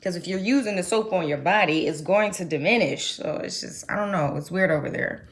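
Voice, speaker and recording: A young adult woman from the United States chatting casually to her viewers, telling a trip story in animated, slangy talk. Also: on the low side, a little fast. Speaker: vlogger. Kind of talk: casual chat to camera.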